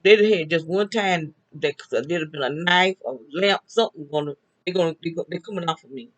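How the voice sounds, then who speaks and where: A woman's voice: on the low side, a little fast, poor audio. An older woman chatting alone on camera, telling family stories and laughing often. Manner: chatty, laughs often, talks back and forth with herself. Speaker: vlogger. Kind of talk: casual storytelling monologue.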